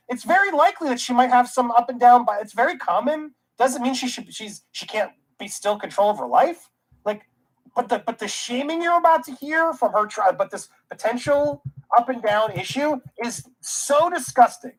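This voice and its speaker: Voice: medium pitch, animated, normal speed, low-quality recording. A host giving reaction commentary on a played clip, indignant and sarcastic as they rant.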